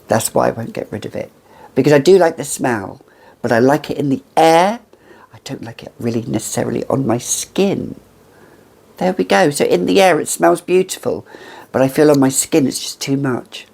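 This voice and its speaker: A woman's voice: extremely low pitch, creaky, a little mellow, husky. A woman in her fifties reviewing fragrances in a chatty, theatrical way with gushing asides. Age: 50s. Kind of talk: casual chat to camera.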